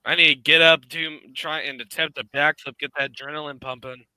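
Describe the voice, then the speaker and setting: A man calling a hockey game on a live stream with a high, very bright and piercing voice. His tone is smooth and clean. The sound is dry and close, as if he is talking right into the mic. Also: no echo, low-quality recording. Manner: rapid play-by-play, rising to excited shouts on chances. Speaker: play-by-play commentator.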